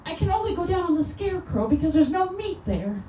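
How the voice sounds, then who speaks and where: A woman doing an impression of a wistful golden-age film starlet, with a high put-on voice, recorded from a distance in a roomy space. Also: big pitch swings, fast, warm tone, slight background noise. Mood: coy. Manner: crude punchline in a put-on starlet voice. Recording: roomy sound from a distant mic.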